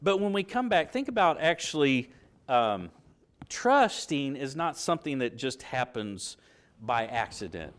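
A man's voice: mid-range voice, sing-song, measured pace. A middle-aged man teaching a Bible lesson in sermon style, asking rhetorical questions and acting out quoted voices. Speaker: preacher teaching a Bible class.

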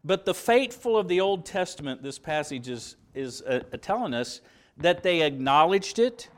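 Male preacher, southern Indiana roots, animated pitch, conversational sermon delivery. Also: normal speed. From southern Indiana, USA. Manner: earnest, conversational preaching with fillers and restarts.

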